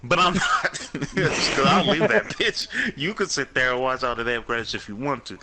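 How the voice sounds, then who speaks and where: A man's voice: medium pitch, expressive, moderate pace, background noise. A man co-hosting a podcast, chatting casually with a lot of profanity, laughter and mocking banter. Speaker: podcast co-host. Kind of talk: casual chat.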